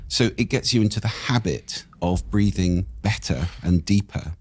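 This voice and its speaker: An older man with a husky voice, explaining speaking technique in a lively, expressive conversational way. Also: fairly low pitch, normal speed, dry recording, studio quality. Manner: animated, expressive intonation. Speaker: voice coach guest.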